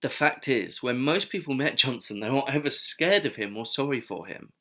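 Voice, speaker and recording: A man's voice: medium pitch, expressive, brisk, bright, forceful tone. A man giving casual, digressive history commentary with wry asides. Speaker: video essayist.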